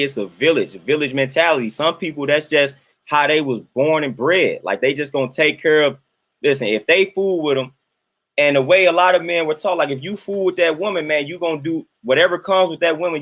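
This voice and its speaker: Animated man chatting on a livestream. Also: a little high, a little fast. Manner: animated, colloquial, repeats himself for emphasis. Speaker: livestream host reading chat. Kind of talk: casual livestream chat.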